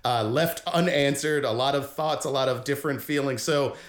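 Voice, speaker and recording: A man's voice: medium pitch, normal speed. A young man hosting a casual pop culture review podcast, playful and jokey, now and then singing his lines. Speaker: podcast host.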